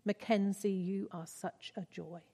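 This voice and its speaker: A woman reading the lines of a gentle, fatherly God figure in a tender, reassuring way. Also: mid-range voice, fairly even intonation, measured pace, slightly rough. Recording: reverberant hall.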